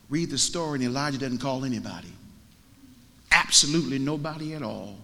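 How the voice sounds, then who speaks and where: A man preaching a sermon, dramatic and swinging from shouts down to whispers. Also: mid-range voice, fairly quick, big-room sound.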